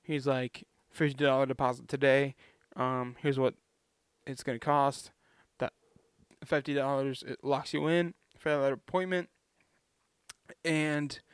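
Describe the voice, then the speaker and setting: A man's voice: medium pitch, clean tone, no echo, studio quality. A young man vlogging in a casual, rambling way, chatty and self-deprecating.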